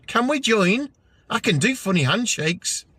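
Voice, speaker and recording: A brash, boisterous pub regular teases newcomers with mocking jokes in a storybook reading, as a man acts him out. His voice rides high and booms. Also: very animated, unhurried, sharp tone, husky, heavily acted. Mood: teasing. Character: cheeky blokey pub regular, loud.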